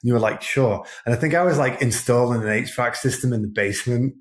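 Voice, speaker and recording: A man's voice: medium pitch, fast talker. A man talking as a podcast guest in a casual interview, rambling and hesitant with many restarts. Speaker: podcast guest, print shop owner. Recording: roomy echo.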